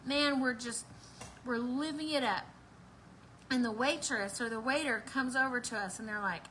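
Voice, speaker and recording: Preaching and chatting with excitement on a livestream, a woman leads an online prayer meeting, laughing and speaking directly to viewers in a bubbly way. Her fairly high, sharp voice moves at a moderate pace, captured in low quality with slight background noise.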